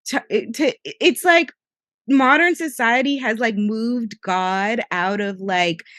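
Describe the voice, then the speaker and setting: A woman's voice: on the high side, takes it slowly, a bit bright, no room sound, clean studio sound. A young woman co-hosting a podcast in casual chat, earnest and heartfelt, often restarting her sentences. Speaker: podcast co-host.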